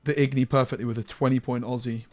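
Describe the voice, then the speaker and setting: A man's voice: medium pitch, level tone, quick pace, a little mellow, soft background music. A man streaming a card game, giving casual commentary full of jokey banter with viewers and muttered asides.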